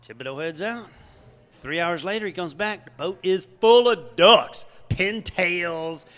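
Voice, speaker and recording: Man from Louisiana, high lively voice, bright tone, long hall reverb, swears freely. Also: measured pace. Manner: animated joke-telling, swears freely. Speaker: podcast co-host. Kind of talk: casual chat.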